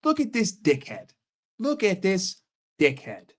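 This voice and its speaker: A man's voice: high voice, wildly swooping pitch, a little slow, husky. An American man in a sarcastic, combative rant on a fan stream, swearing often. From United States. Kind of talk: ranting live stream.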